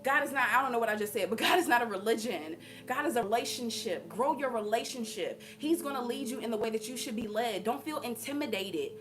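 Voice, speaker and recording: A woman with a somewhat high voice talks straight to her viewers, chatty and emphatic, often breaking into laughter. Soft music plays faintly behind her. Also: expressive, brisk, few pauses. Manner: chatty and emphatic, with frequent laughter and repeated asides to the audience. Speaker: spiritual vlogger. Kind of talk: casual spiritual encouragement to viewers.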